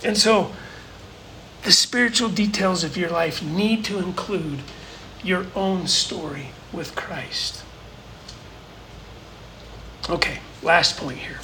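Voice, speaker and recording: A man's voice: sits high, takes it slowly, long pauses, sharp tone, slight background noise, rough recording. A man preaching a sermon as pastor, earnest and building his points through emphatic repetition. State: briefly choked up.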